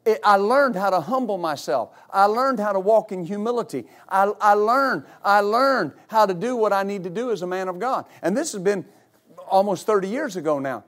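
High-voiced male pastor preaching. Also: expressive, moderate pace. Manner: storytelling with loud exclamations and laughter. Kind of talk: sermon.

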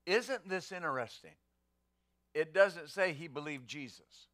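A man's voice: a little high, expressive, measured pace, a bit bright, no echo, studio quality. A man pastor preaching a sermon, emphatic, asking rhetorical questions and answering them.

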